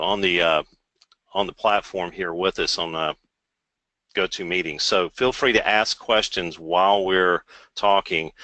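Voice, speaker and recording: A man's voice: low voice, sharp tone, dry recording, rough recording. A middle-aged man presenting an online sales webinar, telling a folksy personal story in a conversational way.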